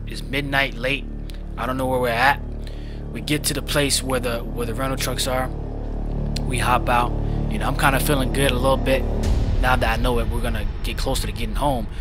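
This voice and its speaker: A young man hosting a casual storytime, talking in slangy, animated bursts that jump loud when excited. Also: medium pitch. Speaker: storytime channel host. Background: background music.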